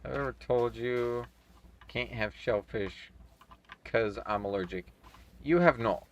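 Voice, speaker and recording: A man's voice: medium pitch, a little slow, lo-fi sound, a little hiss or hum. A man streaming a game, chatting in a laid-back, offhand way and swearing casually. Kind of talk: casual chat while gaming.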